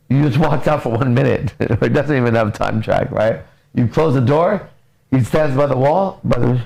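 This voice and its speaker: Blunt, gravelly-voiced male coach. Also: mid-range voice, fairly quick, rough recording. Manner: blunt, profane, lively storytelling. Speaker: mindset and relationship coach. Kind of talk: casual podcast advice talk.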